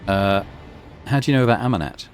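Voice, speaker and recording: A man's voice: fairly low pitch, lively intonation, quick pace, slight background noise. A man playing through a role-playing game, reading its text aloud with casual asides. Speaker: gaming YouTuber.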